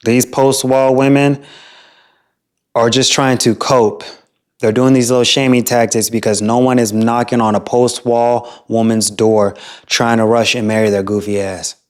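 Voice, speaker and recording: A man hosting a reaction video, ranting in a crude, scornful way about the clips he plays. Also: medium pitch. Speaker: reaction host. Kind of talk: reaction commentary.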